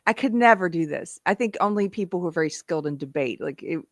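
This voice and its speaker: Chatty low-voiced woman hosting a live panel. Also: expressive, fast, no room sound, studio quality. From Texas. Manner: chatty, laughs often, many restarts. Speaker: host. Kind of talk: casual panel chat.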